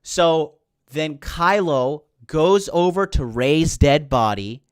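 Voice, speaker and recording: Male podcast host, animated profane ranter, clear higher voice. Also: takes it slowly, dry recording, clean studio sound. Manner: animated, indignant, heavy swearing and fillers. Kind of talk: casual profane movie recap.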